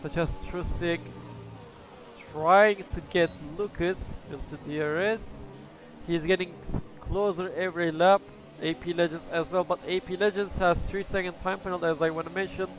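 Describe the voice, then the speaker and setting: A man's voice: sits high, fairly even intonation, moderate pace. A man giving casual, hesitant live commentary on an online racing league, thinking aloud as he goes. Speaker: race commentator. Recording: music playing behind.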